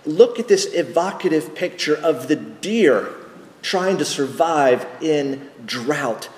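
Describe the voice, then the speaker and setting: A pastor preaches in a slightly high male voice, slow and deliberate, asking rhetorical questions and answering them. His words ring out in a large, echoey church hall with a long reverb tail. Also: lively intonation. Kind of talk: sermon.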